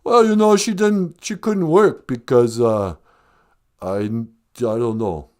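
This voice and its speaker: A man impersonating a laid-back, mumbling tough-guy boxer movie star, with a low, slurred drawl. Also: takes it slowly, darkish tone, natural voice. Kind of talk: comedic impression.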